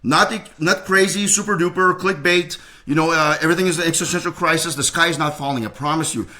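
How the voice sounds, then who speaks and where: Middle-aged male realtor, quick and bright, chatty, reassuring, restarts a lot. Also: on the high side. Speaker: realtor giving a market update. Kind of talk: casual to-camera market update.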